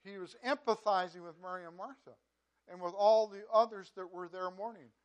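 High-voiced man preaching. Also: fairly even intonation, fairly quick, clear, resonant tone. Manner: conversational, repeats words, frequent "you know"; swings between loud emphasis and quiet asides. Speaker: pastor. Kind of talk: sermon.

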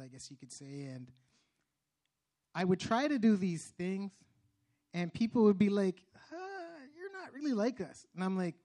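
A young man giving an earnest testimony sermon, preacherly, with restarts and loud emphatic bursts. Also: sits high.

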